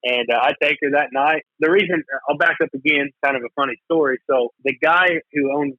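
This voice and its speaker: A man tells a funny dog story in a chatty, amused way. He talks quickly, and his voice sits slightly high. The sound is tinny and phone-like. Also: dry recording. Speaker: guest. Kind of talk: casual storytelling.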